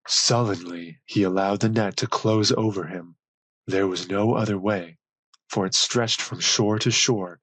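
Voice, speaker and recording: A man narrating a myth audiobook in a measured, solemn storytelling manner. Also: deep voice, husky, no room sound, rough recording. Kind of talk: scripted narration.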